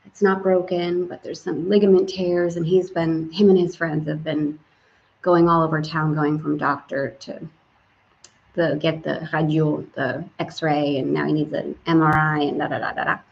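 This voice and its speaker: A middle-aged woman hosting a casual spiritual live stream, chatty and lively, sprinkling in French greetings. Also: deep voice, normal speed, vocal fry. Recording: slightly dull stream audio.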